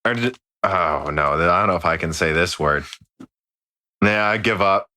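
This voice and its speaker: A man's voice: deep voice, moderate pace, pushed and bright. An American man hosting a podcast, joking and swearing in casual late-night banter, tired from a long recording. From United States. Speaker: podcast host. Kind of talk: casual chat. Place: home studio in quarantine.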